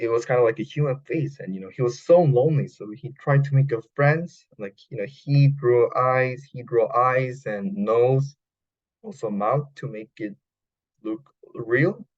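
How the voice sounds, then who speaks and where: Halting man retelling a film. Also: mid-range voice, darkish tone, lo-fi sound. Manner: halting, many fillers and restarts, non-native grammar. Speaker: podcast host. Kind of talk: casual retelling of a film plot.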